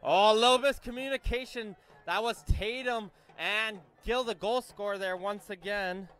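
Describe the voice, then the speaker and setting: Bright, high-voiced male soccer commentator. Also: clear, resonant tone. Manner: brisk play-by-play, self-correcting names. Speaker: play-by-play commentator. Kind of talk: live youth soccer commentary.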